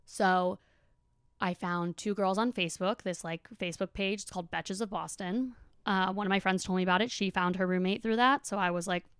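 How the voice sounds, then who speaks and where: A woman's voice: mid-range voice, fairly even intonation, fairly quick, a bit bright, clean tone, dry recording. A young woman hosting a podcast, telling a story in a chatty, casual way with lots of fillers and swearing. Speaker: podcast host. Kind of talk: casual monologue.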